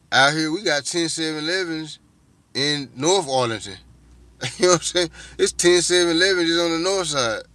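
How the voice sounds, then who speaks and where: A man's voice: on the high side, bright, forceful tone, no echo. A middle-aged man, chatting casually and profanely with viewers on a livestream, rambling from one thought to the next. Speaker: livestream host.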